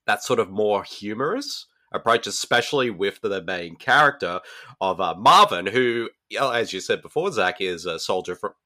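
A man's voice: lowish voice, moderate pace. A man hosting a podcast, retelling horror stories in casual, enthusiastic chat. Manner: animated, enthusiastic retelling with fillers. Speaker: podcast host.

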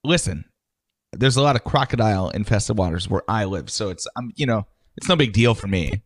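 A man co-hosting a comedy talk show, relaxed and joking, with casual swearing. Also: on the low side, normal speed. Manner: laid-back, joking, swears. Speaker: co-host.

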